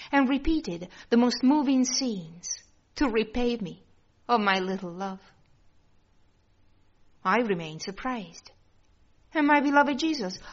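A woman reads a devotional text with soft reverence. She speaks very slowly and a little high. The sound is dull and lo-fi. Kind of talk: slow devotional reading. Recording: dull lo-fi recording.

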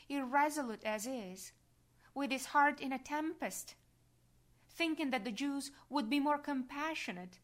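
A woman reads a devotional meditation in a hushed, intimate voice that often sinks to a whisper. She speaks slowly, letting each phrase settle. Her voice sits fairly high. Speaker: reader.

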